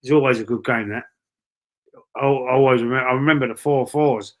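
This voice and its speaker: A man's voice: medium pitch, steady tone, fairly quick. A man with a Cockney accent hosting a live football watch-along, chatting casually with viewers in a rambling, matey way, repeating himself and reading out comments. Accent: London Cockney. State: breathy asthma-wheezy at times. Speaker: livestream host.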